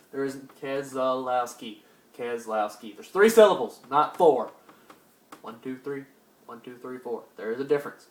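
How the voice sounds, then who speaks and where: A young man hosting a casual solo sports talk show, rambling and hyper with sudden loud outbursts. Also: mid-range voice, animated, a little fast. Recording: echoey room, distant mic.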